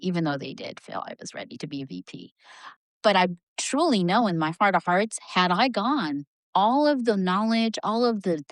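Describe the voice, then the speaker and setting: A middle-aged woman and HR leader, a podcast guest, telling a story in a lively conversational way. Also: fairly low pitch, no room sound. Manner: animated, acts out voices in her stories.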